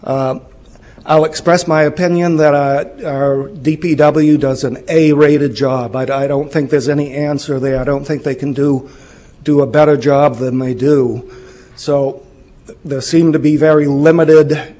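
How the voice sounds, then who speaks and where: A man, a local resident, making a measured, plain-spoken complaint during public comment at a city council meeting. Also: a little high, fairly even intonation, mellow.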